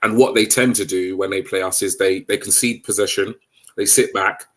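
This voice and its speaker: A man's voice: sits low, steady tone, normal speed. A man co-hosting a casual football chat, thoughtful and a bit hesitant as he gives his views. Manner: thoughtful, hesitant, many fillers and restarts. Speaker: co-host.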